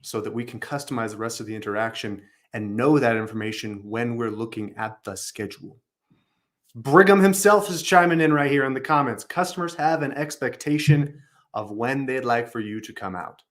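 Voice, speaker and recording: A man's voice: medium pitch, normal speed, a bit bright. A man coaching customer service staff, upbeat, acting out sample phone phrases as he comments on recorded calls.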